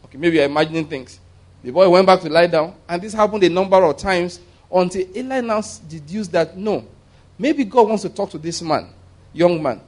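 A male preacher delivers a sermon in a slightly raised voice. He is animated and humorous, stumbling over restarts and acting out the voices of the people in his stories. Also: sits high, brisk. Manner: animated, humorous, acts out quoted voices, frequent laughs and restarts.

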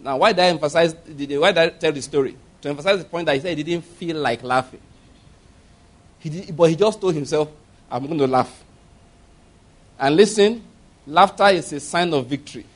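High-voiced animated male preacher. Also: fairly quick. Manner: animated storytelling with acted laughter and voices; emphatic, addresses congregation directly. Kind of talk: sermon.

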